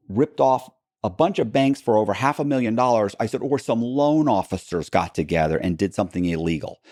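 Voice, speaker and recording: A man recounting his past as a podcast guest, telling it with lots of quoted back-and-forth and quick restarts. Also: fairly low pitch, no echo, clean studio sound. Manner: animated retelling with quoted dialogue and frequent restarts. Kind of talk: storytelling in a long-form interview.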